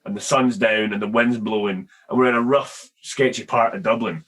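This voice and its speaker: A young man hosting a podcast, telling a story in a casual, animated way with plenty of swearing. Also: lowish voice, normal speed, slightly rough. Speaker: podcast host. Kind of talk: casual chat.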